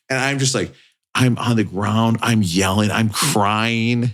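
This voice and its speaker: A man's voice: fairly low pitch, fairly even intonation, moderate pace, a bit bright. A man in his twenties, a podcast co-host, telling a long story in a casual, self-mocking way with plenty of swearing. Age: 20s.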